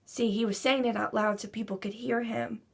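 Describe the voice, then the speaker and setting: A woman's voice: a little high, fairly even intonation, moderate pace, vocal fry, slightly rough. A woman giving an earnest devotional talk to camera, building to emphatic preaching. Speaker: Christian speaker.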